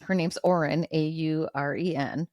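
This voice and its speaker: Canadian woman co-host, low-pitched, blunt chatty book talk, dry close sound. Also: steady tone, measured pace, a little mellow, no room sound. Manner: chatty, blunt, swears casually. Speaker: podcast co-host. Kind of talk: casual book-discussion chat.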